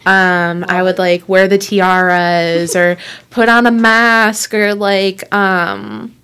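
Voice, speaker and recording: A woman's voice: medium pitch, fairly even intonation, slow pace, a bit bright, smooth. A woman in her twenties chatting casually as a podcast co-host, rambling with lots of filler words. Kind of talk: casual chat.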